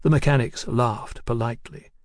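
A man narrating an audiobook in a measured, even manner. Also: mid-range voice, dry recording, studio quality.

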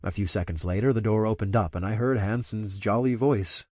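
A man's voice: lowish voice, fairly quick, no echo, clean studio sound. A man narrating an audiobook. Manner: steady, conversational storytelling. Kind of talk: first-person audiobook narration.

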